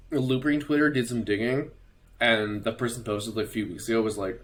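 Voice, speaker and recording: A young man who is a digital artist, speaking as a guest on a casual podcast. He talks excitedly, swears, and fills his speech with like and you know. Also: mid-range voice, fast. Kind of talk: casual chat.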